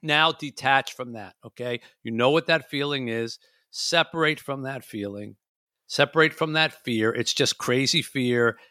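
A man's voice: medium pitch, measured pace, no echo, clean studio sound. A man hosting a casual talk show, chatting and acting out his own inner voice. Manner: animated, acts out his inner voice. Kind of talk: casual chat.

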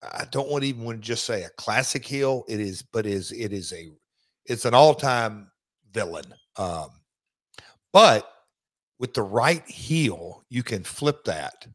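A middle-aged man, chatting casually as a podcast host, halting with many restarts and fillers. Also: fairly low pitch, animated, fairly bright tone. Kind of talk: casual chat.

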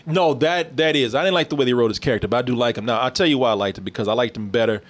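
A man's voice: mid-range voice, rapid-fire. A man co-hosting a casual movie review chat, swearing freely and laughing often. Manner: profane, laughing, animated storytelling. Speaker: podcast co-host.

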